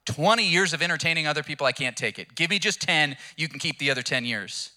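A weary monkey pleading with God, acted by a man in a joke. The voice is bright and slightly raised, with a pleading edge. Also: fairly high pitch, expressive, fast. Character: weary monkey refusing to entertain.

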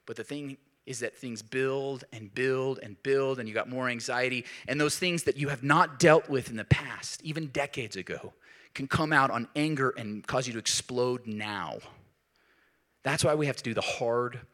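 A man preaching a sermon in an animated way, rising to emphatic peaks. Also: mid-range voice. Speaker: pastor.

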